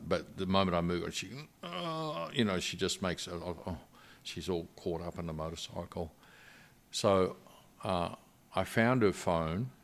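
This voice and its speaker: Middle-aged male missionary guest with a deep, low voice; earnest, halting storytelling. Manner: earnest, halting retelling with frequent restarts. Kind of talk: personal storytelling in a podcast interview.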